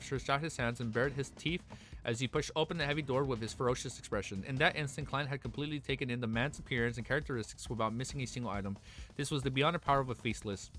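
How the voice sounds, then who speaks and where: A young man streaming live, reading a story aloud and reacting with excited swearing and stumbles. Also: medium pitch.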